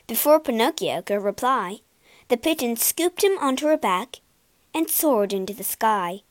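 Woman, storybook narrator, expressive, slow, lively pitch. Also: no echo. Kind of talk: storybook read-aloud.

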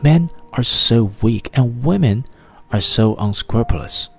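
A bitter, vindictive wife spits her words out quickly between little gasps, her voice lifted high and trembling, as a male audiobook reader puts her on. She sounds cold and full of rage. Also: expressive, creaky, faint music behind. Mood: furious.

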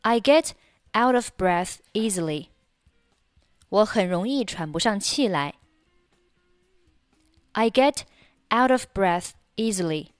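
A woman teaching English phrases in a slow scripted lesson, reading each line twice with careful diction. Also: medium pitch, lively intonation, no room sound, clean studio sound, faint music behind. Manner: reads phrases twice, slowly and clearly.

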